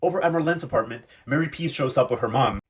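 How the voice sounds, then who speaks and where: Fast-talking sassy man with a husky voice. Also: medium pitch. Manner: sassy, dramatic and emotionally invested. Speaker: TV novela recap host. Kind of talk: casual pop-culture recap.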